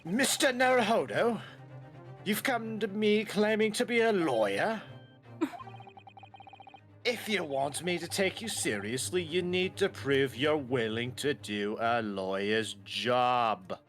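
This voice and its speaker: A brusque older male chief justice with a put-on British accent, taunting and impatient, voiced by a game host. The delivery swings widely in pitch, with faint music behind. It is a casual fan dub of a courtroom game. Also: expressive, takes it slowly, fairly bright tone. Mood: mocking. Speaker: game show host voicing characters.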